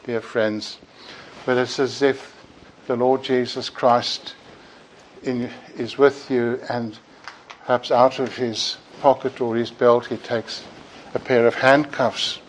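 A man's voice: mid-range voice, little pitch movement, takes it slowly, a little hiss or hum, rough recording. A man preaching a sermon in a church, earnest and emphatic, sometimes repeating words as he builds a point.

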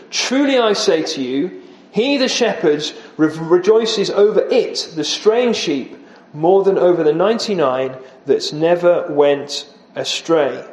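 A man's voice: high-pitched, roomy sound, poor audio. A man preaching an earnest expository sermon, often dropping his voice for emphasis.

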